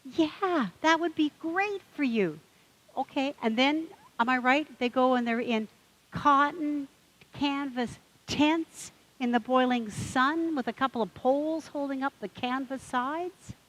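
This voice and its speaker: A woman's voice: medium pitch, big pitch swings, moderate pace, low-quality recording. A woman voicing a dusty, curious talking male duck in a told joke, asking question after question in a raised voice.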